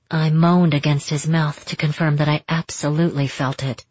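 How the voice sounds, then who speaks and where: Woman reading a romance novel, husky low voice, kinda dull muffled sound. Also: moderate pace, hardly any pauses, dry recording. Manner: steady, intimate storytelling. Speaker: audiobook narrator. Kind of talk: first-person romance narration.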